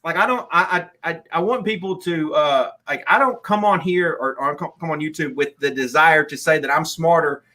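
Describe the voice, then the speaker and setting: Male streamer host, casual rambling chat, raised pitch, bright tone. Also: moderate pace, few pauses. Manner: rambling, with frequent restarts and "like". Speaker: streamer hosting a live call-in.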